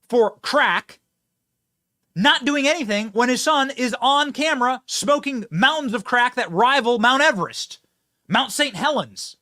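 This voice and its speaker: A man's voice: extremely high pitch, bright, forceful tone, no echo, studio quality. A man hosting a political show, giving mocking, sarcastic commentary and laughing often.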